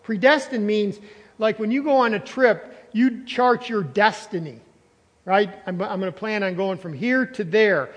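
A man's voice: sits high, measured pace. A male pastor preaching a sermon, emphatic, repeating phrases and quizzing the congregation. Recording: long reverb of a large hall.

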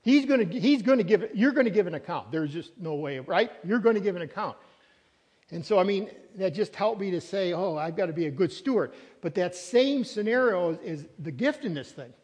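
A man's voice: high-pitched, expressive, normal speed, darkish tone. A man preaching a sermon as pastor, earnest and emphatic, repeating key words. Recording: reverberant hall, long echo.

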